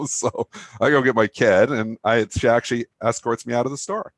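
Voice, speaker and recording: A man's voice: medium pitch, steady tone, normal speed, no room sound. A man co-hosting a live talk show, telling a long rambling story with lots of fillers. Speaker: co-host of a trading talk show. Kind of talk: casual anecdote chat.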